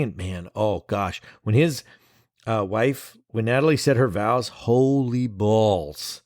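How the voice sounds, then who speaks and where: A man's voice: medium pitch, no echo, clean studio sound. A man hosting a casual solo podcast, talking in a playful, jokey, self-deprecating way. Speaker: podcast host.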